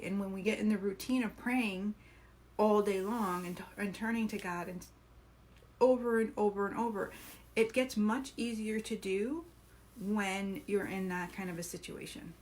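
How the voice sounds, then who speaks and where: A woman hosting a live coaching stream, talking earnestly and encouragingly, asking her viewers questions. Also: mid-range voice.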